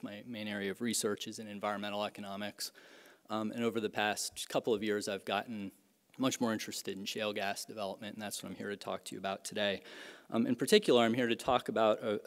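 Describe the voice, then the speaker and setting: A middle-aged man, an economics professor, giving a measured academic lecture with frequent fillers and restarts. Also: lowish voice. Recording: reverberant lecture hall.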